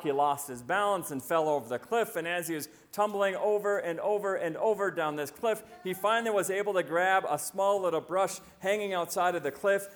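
A man preaching a sermon as a visiting pastor, telling stories and slowing down to stress key lines. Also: high voice. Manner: storytelling, slowing right down for emphasis.

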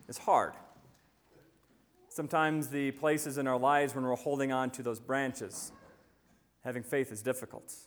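A man preaching a sermon as a visiting pastor, telling stories and slowing down to stress key lines. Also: medium pitch. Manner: storytelling, slowing right down for emphasis.

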